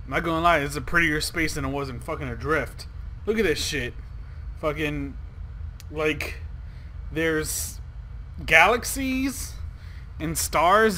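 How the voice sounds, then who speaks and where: A man's voice: a little high, pushed and bright, slight background noise. A man hosting a let's play, giving casual gaming commentary in a profane, joking, rambling way.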